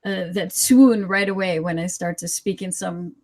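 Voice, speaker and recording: A woman from the Netherlands with a slight Dutch accent, a guest in a casual chat, relaxed and often giggling. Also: fairly low pitch, normal speed. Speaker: guest sex coach.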